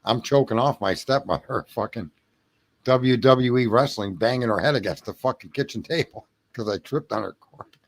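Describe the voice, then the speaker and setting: A man hosting a late-night livestream, telling a rambling story with lots of swearing, laughter and throat clearing. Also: mid-range voice, normal speed. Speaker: livestream host. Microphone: home streaming mic.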